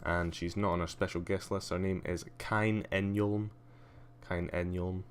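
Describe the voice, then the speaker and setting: A Scottish man with a hint of poshness in his accent talks casually through a game stream. His voice sits low, and his humour is dry and self-mocking. A faint hum runs underneath. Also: level tone, unhurried. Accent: Scottish with a slight posh English tinge. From Scotland. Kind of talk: casual livestream commentary.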